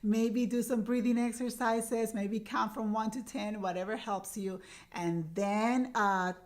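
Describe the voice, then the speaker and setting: A woman in her forties, a mother of teenagers, hosts a parenting advice show and speaks straight to camera in an earnest, coaching way, repeating her key points. Her voice is on the high side, with fairly even intonation and a slightly slow pace.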